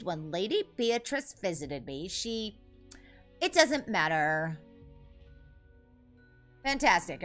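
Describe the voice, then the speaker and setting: A young woman streaming a video game, chatting casually and greeting her chat by name in an animated, jumpy way. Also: mid-range voice.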